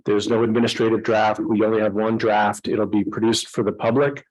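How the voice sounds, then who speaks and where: Halting low-voiced man presenting at a meeting. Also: fairly even intonation, darkish tone, rough recording. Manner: halting, filler-heavy, restarts. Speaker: city staff presenter.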